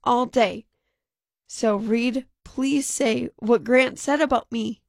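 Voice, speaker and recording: Female co-host, slow and gravelly, voice still recovering. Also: fairly high pitch, steady tone, no echo, clean studio sound. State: recovering from voice loss. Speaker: radio co-host. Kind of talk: casual radio chat.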